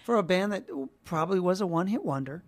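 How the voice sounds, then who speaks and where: A man's voice: high voice, expressive, quick pace. A middle-aged man co-hosting a radio show in a studio, bantering in an easygoing, friendly way. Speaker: radio host. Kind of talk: casual on-air chat.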